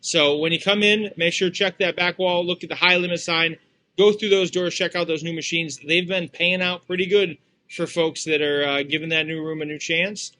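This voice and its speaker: A man's voice: fairly high pitch, steady tone, moderate pace, bright, forceful tone, slight background noise. A man co-hosting a sports talk show, speaking casually with hesitant fillers. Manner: hesitant, many fillers and restarts. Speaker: co-host and casino representative. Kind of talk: casual chat.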